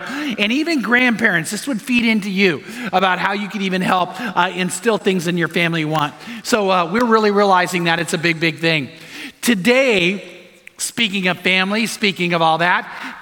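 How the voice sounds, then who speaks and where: A male pastor preaches in a high, bright voice. His delivery is animated and full of fillers and restarts. The sound rings with the long reverb of a large hall. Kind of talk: sermon. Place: church sanctuary.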